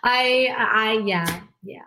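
Bright-voiced woman guest, chatty, tons of "like", acts out everyone in her stories. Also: fairly high pitch, very slow, slight background noise. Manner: animated storyteller, frequent "like", laughs a lot. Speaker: guest singer. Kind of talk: casual interview chat.

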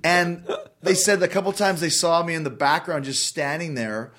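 A man hosting a casual chat, telling an animated story and swearing freely. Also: a little high, moderate pace. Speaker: podcast host.

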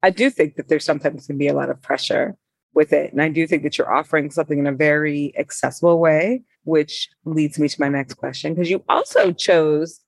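A podcast host asking questions in relaxed, casual conversation, full of fillers. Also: medium pitch, brisk, vocal fry, no echo. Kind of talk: casual interview chat.

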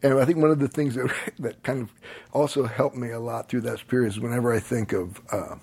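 A man, older, telling a personal story in a casual conversation, animated, often laughing and acting out what people said. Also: medium pitch, a little fast, gravelly, breathy edge. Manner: animated, laughs while telling, acts out quotes.

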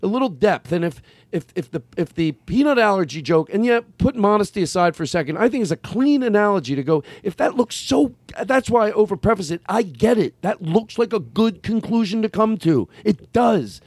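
A man with a Philadelphia accent hosts a loose conversation, circling his point and correcting himself as he goes. His voice sits a bit high for a man, and the sound is dry and close. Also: big pitch swings, brisk, darkish tone, husky, no echo. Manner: rambling, self-correcting, swears freely. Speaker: podcast host. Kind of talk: casual chat.

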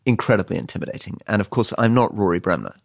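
A man's voice: on the low side, animated, fast, creaky, no room sound. A British man, a former politician turned author, giving dry, wry interview answers. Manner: dry, wry storytelling with quoted asides.

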